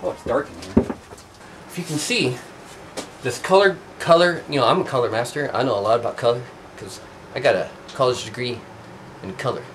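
A man's voice: medium pitch, brisk, pauses often, fairly bright tone, a little hiss or hum. A man hosting a how-to show, demonstrating by hand in an indoor workshop with a rambling, joking, self-deprecating manner. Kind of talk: casual hands-on demonstration.

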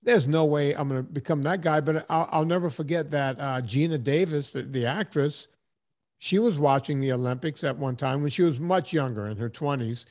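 In a casual storytelling chat, a man in his fifties who hosts a podcast tells rambling stories and does the voices of people he quotes. His voice is slightly high and a little mellow, at normal speed.

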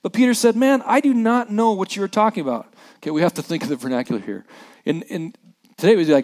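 A man preaching a sermon as a pastor, reading scripture with lively acted-out voices and dropping quiet for the somber parts. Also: sits high, fast talker. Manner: animated preacher who acts out scripture voices, dropping soft for somber moments.

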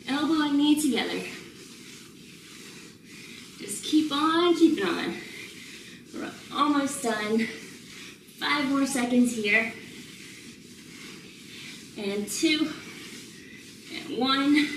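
Upbeat female trainer, a bit winded, slow deliberate cues, higher voice, roomy noisy space, mic at a distance. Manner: upbeat, laughing often, counting down reps. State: slightly out of breath. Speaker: fitness instructor. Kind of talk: workout tutorial cueing.

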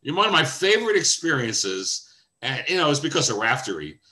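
Talking somewhat quickly in a medium pitch, a veteran sportscaster in his later years joins a video call as a guest. He spins anecdotal stories in a wry, lively way.

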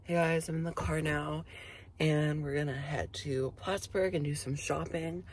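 A young man with a raspy voice, chatting casually to his vlog camera, swearing and dropping to whispers. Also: on the high side, steady tone, unhurried, slight background noise. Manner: frequent "like" fillers, swearing, drops to whispers. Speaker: vlogger.

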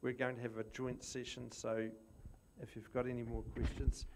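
A man chairing a conference session, closing the questions and introducing the next speaker in a relaxed, polite way. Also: mid-range voice, moderate pace, noisy background.

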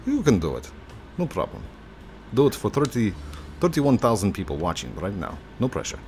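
Deep-voiced, playful male gaming host. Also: wildly swooping pitch, moderate pace, darkish tone, faint music behind. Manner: chatty and playful, teasing and laughing often. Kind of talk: casual gameplay commentary.

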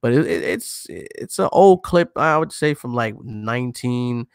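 A man's voice: mid-range voice, expressive, unhurried, vocal fry, clean tone, no echo, studio quality. A man hosting a casual podcast chat, talking bluntly and with plenty of profanity. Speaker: show host.

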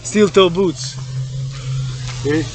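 A man's voice: sits high, drawn-out words, soft background music. A man rambling in a loose rant while marching outdoors, laughing between phrases and repeating words. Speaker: vlogger.

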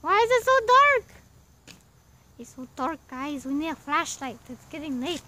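A woman voicing an excitable male plush Luigi, quickly spooked, in a homemade outdoor plush video. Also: high voice, heavily acted. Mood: excited.

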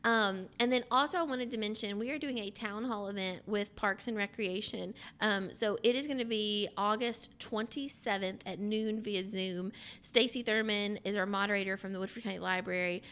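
A woman's voice: medium pitch, steady tone, moderate pace, fairly bright tone, clean tone. A woman co-hosting a local show, chatting casually and upbeat as she plugs local events, often poking fun at herself. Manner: upbeat, promotional, self-deprecating. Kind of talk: casual chat.

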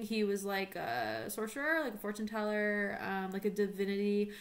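A woman's voice: medium pitch, lively intonation, moderate pace, few pauses. A woman teacher giving a casual recorded lesson, explaining a text in an informal, chatty way with lots of filler words.

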